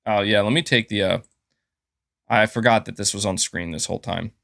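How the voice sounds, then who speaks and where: A man's voice: fairly low pitch, a little fast, vocal fry, a bit bright, no room sound, studio quality. A man hosting a live stream, giving heated, profane commentary and reading out chat messages. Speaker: livestream host.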